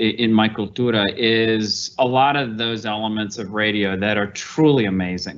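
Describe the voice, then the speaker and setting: Man interviewer, measured questions. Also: fairly low pitch, dull audio. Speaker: podcast host, interviewer. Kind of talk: casual interview talk.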